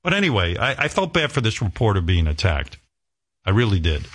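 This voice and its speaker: A man's voice: on the low side, very animated, a little fast, a bit bright. A middle-aged man hosting a radio talk show, ranting with profanity and indignation.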